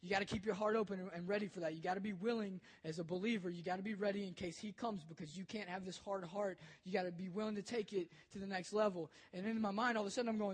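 Husky-voiced young male youth pastor. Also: high voice, fast, few pauses. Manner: bold, emotional, conversational storytelling. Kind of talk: sermon storytelling.

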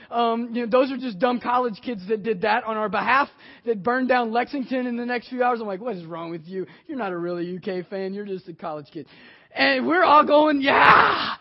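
High-voiced animated preacher man. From Kentucky. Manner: animated storytelling, acting out his own excitement. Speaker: pastor. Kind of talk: sermon. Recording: dull lo-fi sermon audio.

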